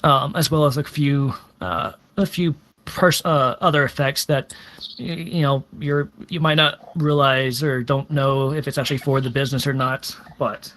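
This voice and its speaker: A man running a tabletop game as dungeon master, speaking with a bright, forward tone. His narration halts often on fillers and restarts as he works out the scene. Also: medium pitch, fairly even intonation, moderate pace, a little hiss or hum. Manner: hesitant, many fillers and restarts.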